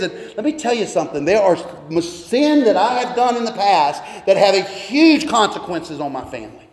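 High-voiced man preaching in an echoey hall. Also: sing-song, moderate pace, few pauses. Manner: earnest preaching with rising emphasis and rhetorical questions. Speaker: pastor. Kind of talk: sermon. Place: church sanctuary. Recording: echoey long reverb of a church hall.

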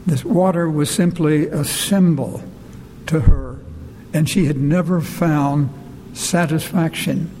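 A man delivering a sermon at a slow, halting pace, filling his pauses with "uh". His voice sits a little high for a man yet sounds mellow and dark. He is heard in a large hall with a long reverb and a faint ambient hum behind him. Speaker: preacher.

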